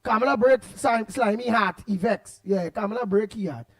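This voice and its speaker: A man's voice: high voice, normal speed. A man with a Trinidadian accent hosting a radio show, chatting casually and reading out listener comments with laughs and repeated words.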